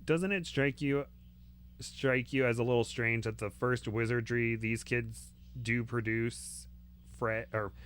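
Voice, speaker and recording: A man's voice: mid-range voice, fairly even intonation, takes it slowly, fairly bright tone, smooth. A man voicing Tom, a grown male wizard who speaks in a thoughtful, wry way. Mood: puzzled.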